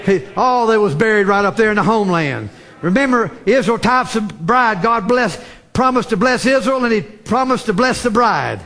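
Male preacher, very high and bright voice, fervent, repetitive, shouts his peaks. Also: lively intonation, moderate pace. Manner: fervent, repeats phrases, builds to shouted emphasis. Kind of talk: sermon.

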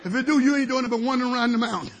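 A middle-aged male preacher delivers a fiery sermon at rapid-fire speed, with some chatter in the background. He swings from shouted peaks to low asides and drops in hallelujahs along the way.

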